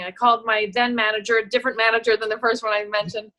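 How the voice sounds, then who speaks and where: Middle-aged actress, woman, chatty anecdotes, bright and forward voice, does little voices for others. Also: fairly high pitch, racing, poor audio. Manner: animated storyteller, acts out quoted voices, laughs often. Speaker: actress and producer, guest. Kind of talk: casual anecdote telling.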